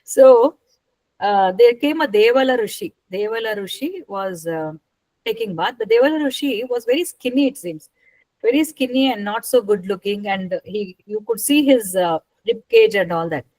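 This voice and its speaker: A woman retelling a scripture story as a talk, unhurried and asking her listeners rhetorical questions. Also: medium pitch, lively intonation, darkish tone, no room sound, poor audio.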